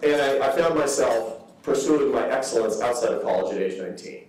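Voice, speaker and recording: A man in his fifties giving a public lecture, telling stories with lively asides and mock voices. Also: mid-range voice, a little fast. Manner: animated storytelling with asides. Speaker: guest speaker. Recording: echoey hall from far off.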